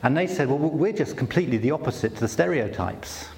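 A man speaking at a conference, telling stories in a relaxed, self-deprecating way. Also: mid-range voice, fast talker, creaky, in a large hall. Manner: conversational, self-deprecating storytelling with many restarts. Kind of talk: sermon-style talk.

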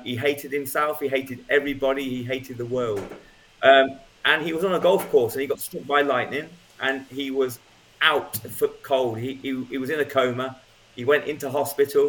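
A man shares his own story as a guest speaker, unhurried and conversational. His telling is loose and natural, with frequent ums and little restarts, and his voice sits in an ordinary middle pitch. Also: fairly bright tone. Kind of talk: personal testimony, casual storytelling.

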